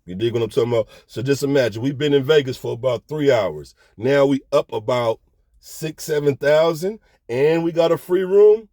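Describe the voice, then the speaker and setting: A middle-aged man telling a story in a casual, animated way, heavy on slang, and often checking that the listener is following. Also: medium pitch, moderate pace, no room sound, clean studio sound.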